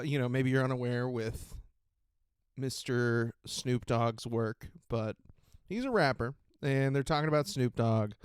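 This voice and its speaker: A man's voice: mid-range voice, clean tone, no echo, clean studio sound. A man hosting his podcast in casual chat, rambling, swearing and laughing often. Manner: giggly, profane, rambling with frequent laughter. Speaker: podcast host.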